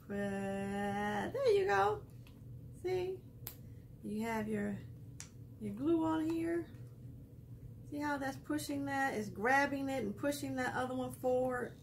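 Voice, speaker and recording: Gravelly-voiced woman hosting a craft tutorial. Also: sits high, expressive, slow, long pauses, a little hiss or hum. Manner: chatty, explains steps as she works, laughs often. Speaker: craft video host.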